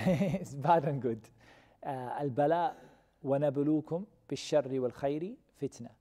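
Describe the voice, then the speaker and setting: A man teaching a Quran commentary class, who questions his students and repeats key terms slowly. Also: medium pitch, warm tone. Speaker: religious teacher. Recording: long reverb of a hall.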